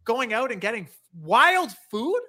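A man with a high, bright voice chatting casually. He gushes with enthusiasm, his phrases tumbling out quickly. The tone is lively and forceful. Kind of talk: casual conversation.

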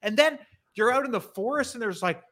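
A man with a high, bright voice chatting casually. He gushes with enthusiasm, his phrases tumbling out quickly. The tone is lively and forceful. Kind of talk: casual conversation.

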